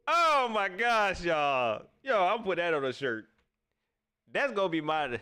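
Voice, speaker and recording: A man hosting a casual sports talk livestream, ranting at viewers in an animated way and laughing often. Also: high voice, a little slow, clear, resonant tone. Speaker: sports talk show host.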